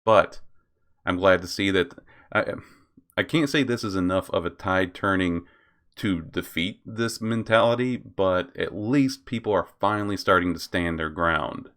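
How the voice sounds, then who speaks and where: A man's voice: sits low, unhurried, fairly bright tone. A man hosting his own commentary channel, reading out posts and reacting with frequent laughter, swearing and stumbles over names.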